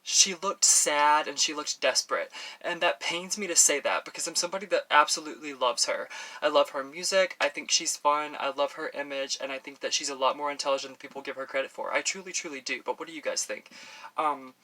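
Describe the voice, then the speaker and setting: A man's voice: a little high, a little fast, sharp tone. A man from Texas talking casually to camera while doing his makeup, rambling with many restarts and fillers. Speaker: beauty vlogger. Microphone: professional audio on camera.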